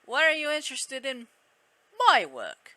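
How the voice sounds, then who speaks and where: A woman voicing an eccentric male scientist with a halting attempt at a German accent. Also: high voice, huge pitch swings, bright, forceful tone, dry recording, voice pushed up, heavily acted. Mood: haughty.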